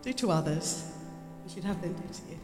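A woman's voice: on the low side, lively intonation, brisk. A woman preaching a sermon in a chatty style, with joking asides and repeated phrases, in a church hall. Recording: echoey hall with music. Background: live instrumental music.

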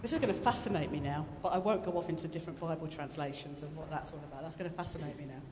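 A woman's voice: low-pitched, very fast, noisy background. A woman preaching a sermon in a chatty style, with joking asides and repeated phrases, in a church hall. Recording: echoey hall with music. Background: live instrumental music.

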